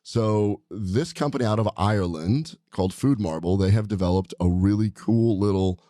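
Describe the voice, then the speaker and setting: A man's voice: lowish voice, normal speed, warm tone, dry recording, studio quality. A man hosting a casual podcast, talking upbeat and enthusiastic with a rambling flow. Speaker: podcast host, doctor. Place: studio.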